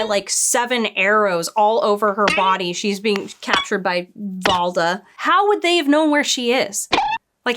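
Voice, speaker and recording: A woman's voice: mid-range voice, fairly bright tone. A woman casually reviewing a TV episode against the books, exasperated and sarcastic, often mocking the characters in quoted voices. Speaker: book and TV show reviewer.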